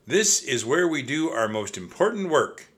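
A man's voice: medium pitch, very animated, normal speed, a bit bright, pitched above the performer's own voice. A man voicing a kindly, formal monk showing visitors around, raised a little above his own voice. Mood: welcoming. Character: kindly adult male monk guide.

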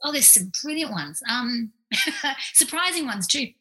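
A woman, a clinical psychologist, telling stories in a casual, animated way, full of fillers and quoted asides. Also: sits high, measured pace, rough recording. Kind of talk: casual storytelling in conversation.

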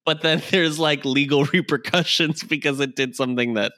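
A man's voice: a little high, bright, forceful tone. A man co-hosting a podcast, chatting casually and wryly recapping a book chapter. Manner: wry, recaps the plot with quick quoted voices. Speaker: podcast co-host. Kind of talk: casual chat.

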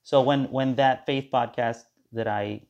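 A man's voice: mid-range voice, steady tone, unhurried, darkish tone. A man hosting his own podcast, talking in a rambling, sarcastic monologue and slipping into mock-cheerful voices of others. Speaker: podcast host. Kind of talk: casual monologue.

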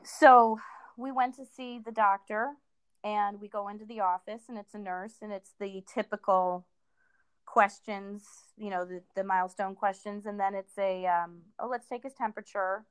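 A middle-aged woman talks in an easy, conversational way, stopping and restarting with lots of fillers. Her voice sits in an ordinary middle pitch. The sound is close and dry, with no room around it. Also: fairly even intonation, smooth, no echo. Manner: halting, many fillers and restarts. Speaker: guest. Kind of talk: casual conversation.

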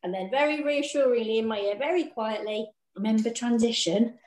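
Lively and a little fast, a woman with a slightly high voice recounts her birth story casually, frequently laughing and performing the dialogue of the people involved. There's a roomy echo.

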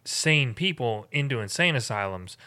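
Bright, tense male voice on a headset, chiming in with facts, dry sound. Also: mid-range voice, expressive, moderate pace, clear, resonant tone, no echo. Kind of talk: casual group chat.

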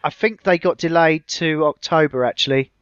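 A man's voice: a little high, normal speed, fairly bright tone, smooth, dry recording, highs cut off. A man co-hosting a podcast, chatting casually about video games, hesitant and full of fillers. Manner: hesitant, many fillers and restarts. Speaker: podcast co-host. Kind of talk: casual chat.

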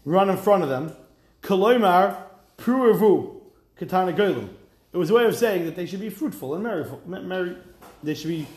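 Lively man teaching Talmud, echoey room. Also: fairly high pitch. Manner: lively storytelling, translating line by line with asides. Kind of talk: Talmud class lecture.

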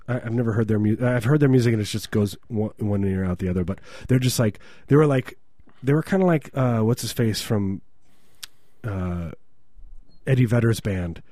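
A man's voice: medium pitch, normal speed, mellow, dry recording. A man co-hosting a radio comedy show, rambling loosely and spinning absurd hypotheticals. His voice sits in an ordinary middle range, recorded close and dry with no room sound. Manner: rambling, riffs on absurd scenarios. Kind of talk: casual comedic banter.

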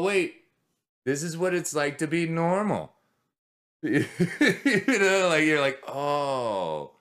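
A man's voice: low-pitched, fairly bright tone, clear, resonant tone. A man who is a military veteran, talking candidly in a casual podcast conversation, rambling with many restarts and swearing.

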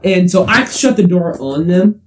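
A man's voice: sits high, animated, unhurried. A young man telling a story in casual chat, acting out quotes and laughing often, recorded on a phone. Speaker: podcast co-host.

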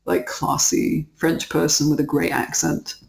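A guest talking casually in an interview, chatty and animated, often saying "like". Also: medium pitch, unhurried, gravelly, echoey room. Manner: chatty and animated, with frequent "like" fillers and laughter.

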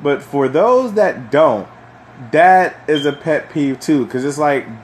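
A young man hosting a casual solo chat, rambling and swearing, with lots of fillers and animated bursts when he rants. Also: on the high side, takes it slowly, slight background noise. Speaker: podcast host.

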